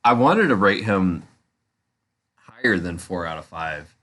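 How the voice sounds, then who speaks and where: A man's voice: deep voice, animated, measured pace, fairly bright tone. A man co-hosting a casual movie chat show, laid-back and trailing off with fillers. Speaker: podcast co-host.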